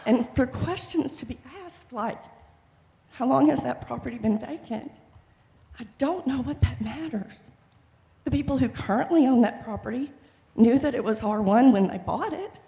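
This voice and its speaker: Impassioned woman, gravelly, in echoey chamber. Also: on the high side, moderate pace, warm tone. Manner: impassioned, pleading. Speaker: resident speaking at public comment. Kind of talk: public comment at a council meeting. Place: city council chamber. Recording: reverberant council chamber.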